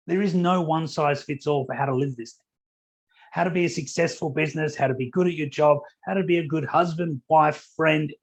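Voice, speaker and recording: A man's voice: on the high side, darkish tone. A man giving a motivational keynote at a company conference, telling stories in a conversational way, with fillers. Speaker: keynote speaker.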